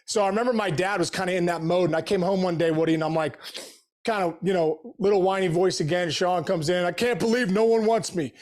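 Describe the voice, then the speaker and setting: Fast-talking high-pitched man telling stories. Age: middle-aged. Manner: energetic, animated storytelling with slangy asides. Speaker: podcast guest, former pro baseball player. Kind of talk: casual storytelling interview.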